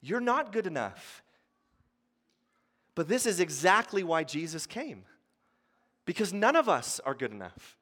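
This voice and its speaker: A man preaches a sermon as pastor, moving between soft conversational asides and loud, animated storytelling. His voice sits a little high. The sound rings with the long reverb of a large hall. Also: measured pace, long pauses.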